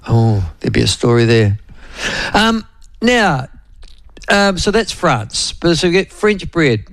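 A man's voice: on the high side, very animated, slow, pauses often, fairly bright tone, dry recording, rough recording. A man with a New Zealand accent hosting a radio show in a rambling, chatty, digressive way. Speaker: radio host. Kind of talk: casual radio chat.

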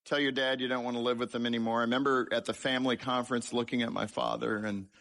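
A man's voice: medium pitch, flat delivery, quick pace, vocal fry, a bit bright. A man giving a sermon-style testimony about his childhood, telling it with humour and poking fun at himself. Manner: humorous, self-deprecating storytelling. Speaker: speaker sharing his life story.

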